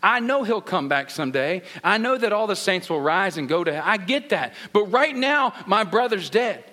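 A man's voice: high-pitched, lively intonation, normal speed, a bit bright. A man voicing a grieving woman who pleads and complains to a friend who came too late. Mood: frustrated pleading. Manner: pleading, exasperated. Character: grieving, frustrated woman, sister of the dead man.

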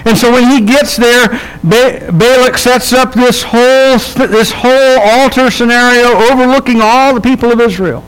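A man with a notably high voice delivers a sermon in an easygoing, humorous storytelling way. He keeps checking in with his listeners and briefly acts out the people in the story as he goes. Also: moderate pace, few pauses, a bit bright, clear, resonant tone, poor audio. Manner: conversational, checks in with the audience. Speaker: pastor.

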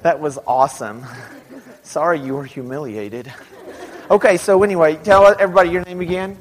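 A man from Dallas speaking to a young audience, telling animated, self-mocking stories in a large hall. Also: a little high, normal speed, slight background noise. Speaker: youth speaker. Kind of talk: storytelling talk to kids. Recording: long hall reverb.

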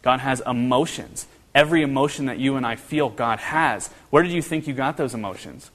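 This sermon comes from a northern Kentucky pastor whose mid-range, fairly bright voice runs a little fast. He talks conversationally, asking many rhetorical questions and often restarting, and the recording carries a hall's long reverb.

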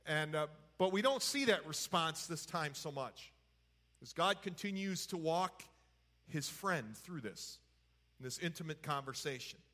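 Male Bible teacher, conversational and folksy, a bit high-pitched. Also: expressive, measured pace, sharp tone. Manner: folksy, paraphrases scripture in everyday talk.

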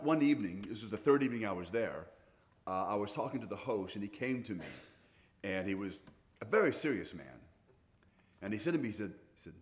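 A middle-aged man preaching a sermon, telling stories in a conversational way with frequent restarts. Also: medium pitch. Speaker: pastor.

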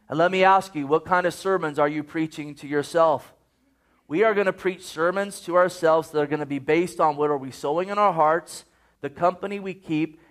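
A middle-aged male pastor preaching a sermon, fervent and slowing down to stress scripture. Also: on the high side. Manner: fervent preaching, slows for emphasis, repeats scripture.

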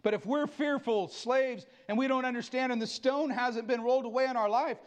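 Male pastor, middle-aged, high-pitched, fervent sermon with quiet asides. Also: fairly even intonation, a little fast. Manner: fervent preaching with sudden drops to quiet asides.

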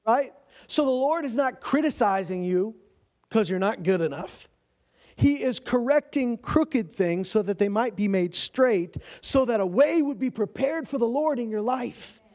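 High-voiced man preaching conversationally. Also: moderate pace, a little mellow. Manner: conversational, asks the listeners rhetorical questions; acts out quoted speech in everyday voices. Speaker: pastor. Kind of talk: sermon.

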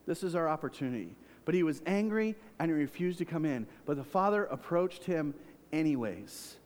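A man preaching a sermon, swinging between loud, high emphasis and quiet, low asides. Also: lively intonation, normal speed, in a large hall. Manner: preaching with big swings in volume and pitch. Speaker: pastor.

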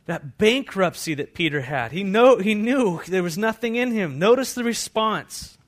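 Man with a high voice, pastor, fervent sermon, hushed to loud. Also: animated, moderate pace. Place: church.

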